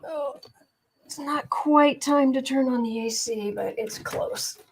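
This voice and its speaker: A woman's voice: sits high, slow pace, background noise. A woman hosting a casual live tarot stream, chatting with viewers and reading their comments aloud, hot and sweaty in a room at home. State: overheated and sweaty. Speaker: tarot reader and livestream host.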